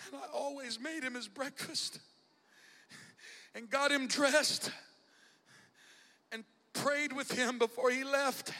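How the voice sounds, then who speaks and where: A man preaching a sermon dramatically, shouting in a rhythmic whooping cadence with "uh" breaths. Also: very high voice, steady tone, slow, long pauses, long reverb tail. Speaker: bishop preaching.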